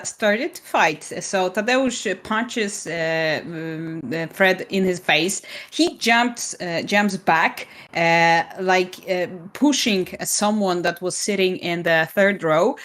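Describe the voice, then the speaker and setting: A woman whose first language is Polish narrates a tabletop game scene in English. She speaks slowly and pauses often on fillers as she builds the description. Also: mid-range voice, a bit bright. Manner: hesitant, full of fillers.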